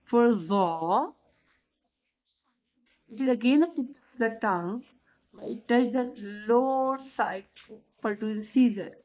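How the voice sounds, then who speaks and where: A woman with a slightly high voice gives a patient alphabet lesson. She talks very slowly and repeats letter sounds one by one. The recording is dull and lo-fi. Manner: repeats key words and demonstrates sounds. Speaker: Arabic teacher. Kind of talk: slow explanatory lesson.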